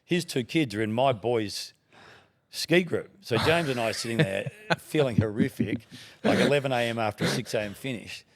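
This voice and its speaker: A man's voice: medium pitch, moderate pace. A middle-aged Australian man, a TV broadcaster guesting on a podcast, telling long rambling anecdotes in casual chat. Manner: rambling anecdotes with quoted dialogue. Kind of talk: casual storytelling.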